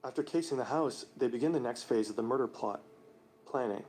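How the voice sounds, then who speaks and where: A male narrator reading a scripted documentary narration in a measured, even delivery. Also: medium pitch, poor audio.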